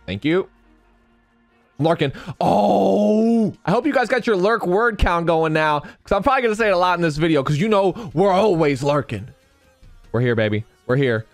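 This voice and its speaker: A young man giving excitable gameplay commentary to his viewers, his voice strained and cracking, repeating phrases as he plays. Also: a little high, fairly quick, dry recording, faint music behind. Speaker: gaming YouTuber.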